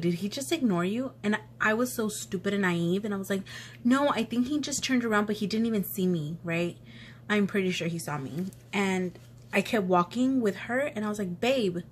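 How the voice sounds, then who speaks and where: A young woman vlogger tells a casual story-time tale in a loose, chatty way, acting out everyone's voices in an animated retelling. Her mid-pitched voice is stuffy from allergies, and she keeps pausing to sniffle. A faint hiss of room ambience runs underneath.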